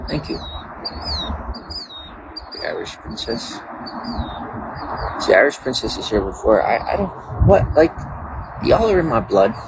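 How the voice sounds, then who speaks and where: A man's voice: medium pitch, huge pitch swings, slow, creaky, pauses often, very noisy. A man hosting a casual livestream, rambling chattily and greeting viewers by name. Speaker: livestream host. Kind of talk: casual live-stream chat.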